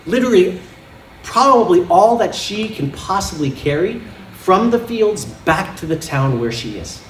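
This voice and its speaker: Male pastor, lively sermon, slightly high voice, laughs often, echoey sanctuary, mic a bit far off. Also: measured pace, background noise. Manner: animated, laughing often, with sound effects and props. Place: church sanctuary.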